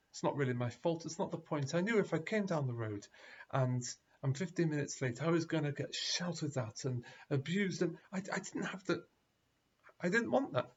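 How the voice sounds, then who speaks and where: A man's voice: on the high side, animated, normal speed, lo-fi sound, slight background noise, lightly acted. A man doing a stammering, reluctant bus driver. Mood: confiding. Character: weary male bus driver, apologetic then candid.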